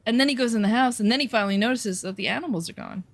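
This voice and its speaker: A woman's voice: a little high, racing, no room sound. Blunt woman telling a story casually. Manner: candid, blunt, swears freely; rambling with fillers and restarts. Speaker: vlogger.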